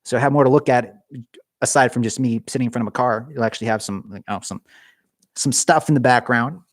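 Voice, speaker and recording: A man's voice: medium pitch, quick pace, no echo. Rambling, jokey male livestreamer in a dry garage. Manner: rambling, jokey, self-mocking. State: cold. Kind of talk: casual livestream chat. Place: home garage.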